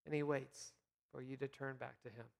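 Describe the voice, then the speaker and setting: A man speaking as a pastor, giving an earnest, encouraging devotional talk for Lent with gentle pauses. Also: mid-range voice, fairly even intonation, creaky, long reverb tail.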